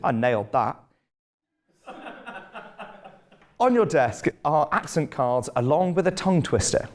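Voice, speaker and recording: A man's voice: a little high, very animated, measured pace, pauses often, darkish tone. A man hosting a comic game show, announcing in a mock-grand, theatrical way.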